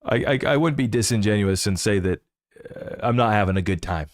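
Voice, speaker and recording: A man hosting a crypto channel, chatting casually and excitedly with rambling asides and laughs. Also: lowish voice, brisk, no room sound, studio quality. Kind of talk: casual livestream commentary.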